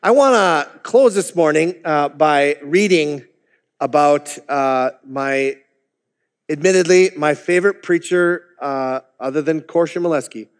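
A man's voice: on the high side, measured pace, clear, resonant tone, in a large hall. A man preaching a sermon as pastor, in a conversational way, with chuckling asides.

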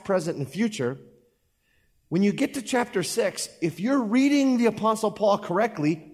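A man's voice: on the high side, darkish tone, big-room sound. A man preaching a conversational sermon at a church service, with playful asides. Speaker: pastor.

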